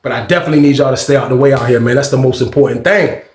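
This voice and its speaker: A man in his thirties telling a prison story in a loose, profane, animated way, acting out the other people's shouts as he goes. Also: mid-range voice, rapid-fire, roomy sound. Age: 30s. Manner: animated, swearing, acts out shouts and screams of others. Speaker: storyteller host.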